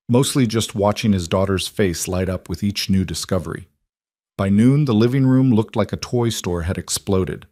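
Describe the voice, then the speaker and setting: A man narrating an emotional story in a calm, measured, scripted reading. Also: lowish voice, no echo, clean studio sound.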